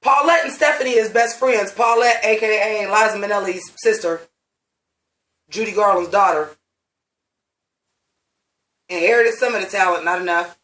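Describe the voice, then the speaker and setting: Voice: mid-range voice, moderate pace, pauses often, a bit bright. Blunt, profane reviewer in a roomy space. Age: late 30s. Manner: blunt, profane, rambling and emphatic. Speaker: movie reviewer. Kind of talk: casual vlog review. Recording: roomy sound from a distant mic.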